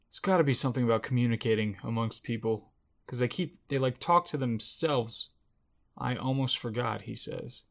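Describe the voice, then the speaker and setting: Creaky-voiced man reacting to a film. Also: mid-range voice, animated, normal speed. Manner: jittery running commentary, muttering then exclaiming. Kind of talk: live reaction commentary.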